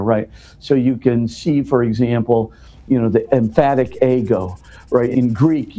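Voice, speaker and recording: A man's voice: medium pitch, warm tone. A man speaking as an interview guest, explaining at length in an earnest, conversational way and often restarting his words.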